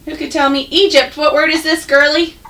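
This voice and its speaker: Woman, first grade teacher, high clear voice, unhurried, encouraging, a bit off-mic. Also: flat delivery, a bit bright, distant mic, rough recording. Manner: patient, encouraging, sounds words out slowly. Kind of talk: online phonics lesson for young children.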